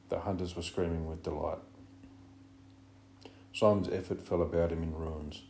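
A man narrating a novel in a measured, even manner. His voice is low and dark. The recording sounds roomy, with a faint hum behind it. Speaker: audiobook narrator. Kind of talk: scripted narration.

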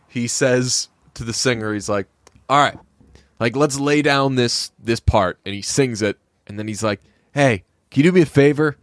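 A man's voice: mid-range voice, no room sound, studio quality. Sarcastic man riffing on movies. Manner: sarcastic, animated storyteller with shouted quoted voices. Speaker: podcast co-host. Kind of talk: casual movie-review chat.

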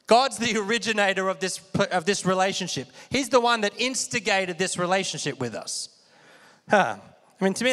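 High bright guy preaching, lively call and response, echoey hall reverb. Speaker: pastor. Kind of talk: sermon.

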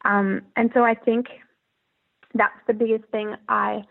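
Gravelly woman on a tinny line. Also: fairly high pitch, level tone, unhurried. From Australia. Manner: earnest, candid, rambling with restarts. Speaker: musician guest. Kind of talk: casual interview talk.

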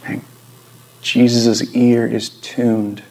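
Man, pastor, church sermon, gravelly, lowish voice, storytelling, loud emphatic bursts, whispered pleas. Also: fairly even intonation, a little slow, a little hiss or hum. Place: church sanctuary.

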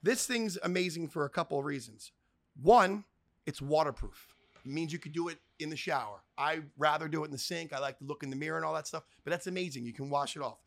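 A man with a fairly high voice tells a story in a casual, animated way. He acts out what other people said and swears freely as he goes. He also reads ads like a show host. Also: quick pace, gravelly.

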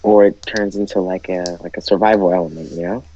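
A man's voice: low-pitched, fairly even intonation, a little fast, crowd noise. A man chiming in on a casual podcast chat with joking interjections. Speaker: co-host chiming in. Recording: dull lo-fi recording.

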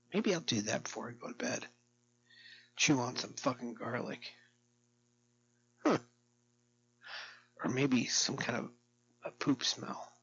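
A man's voice: medium pitch, creaky, fairly bright tone, lo-fi sound, slight background noise. A middle-aged man vlogging in a rambling, profane, darkly joking monologue to camera.

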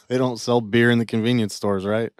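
A man's voice: mid-range voice, level tone, moderate pace, clean tone, no echo, studio quality. A man co-hosting a podcast, chatting casually in a rambling, filler-heavy way. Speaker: podcast co-host. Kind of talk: casual chat.

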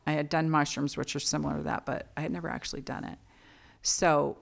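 A woman's voice: deep voice, little pitch movement, fairly quick, gravelly. A woman as an interview guest, frankly and earnestly recounting her own past, often restarting her sentences. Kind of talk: candid personal storytelling.

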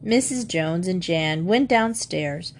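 A woman narrating a children's book in a steady storytelling manner. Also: lowish voice, slow, a little hiss or hum. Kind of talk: audiobook reading of a children's book.

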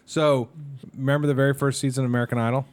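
A man's voice: mid-range voice, level tone, rapid-fire, darkish tone. A man in his thirties talks openly on a casual podcast, his mid-range voice wandering through stories with plenty of ums and restarts. He sounds candid and unguarded. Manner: candid, rambling, emotional storytelling with many fillers. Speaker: podcast co-host, mascot performer.

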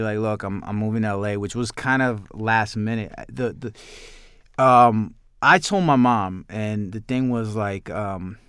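Smooth-voiced New man telling stories. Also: on the low side, dry recording, studio quality. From New York. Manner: rambling, animated, many restarts. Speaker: filmmaker guest. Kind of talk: casual interview storytelling.

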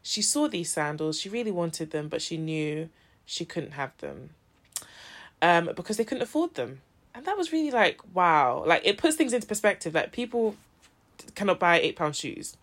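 A woman's voice: fairly low pitch, sing-song, normal speed, fairly bright tone. Chatty woman co-hosting a podcast. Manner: chatty, slangy, emphatic. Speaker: podcast co-host. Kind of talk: casual chat.

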